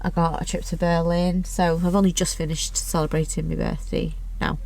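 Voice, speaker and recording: Teasing woman in her forties, lowish voice. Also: flat delivery, normal speed, vocal fry, a little mellow, low-quality recording. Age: 40s. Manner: teasing, laughs often. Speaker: vlogger. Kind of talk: casual chat. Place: camper van in winter.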